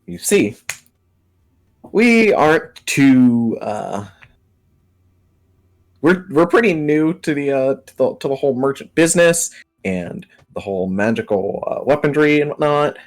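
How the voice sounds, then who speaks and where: A man's voice: medium pitch, lively intonation, measured pace, long pauses, pitched above the performer's own voice. A man voicing a brash, foul-mouthed female merchant who is new to the trade and chatty and salesy. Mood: pushy, grateful.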